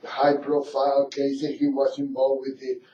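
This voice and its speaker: Slow, rambling male radio host. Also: mid-range voice, monotone, dark tone. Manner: rambling, halting, full of filler pauses. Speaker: radio talk show host. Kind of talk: casual radio talk. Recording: roomy lo-fi radio studio mic from a distance.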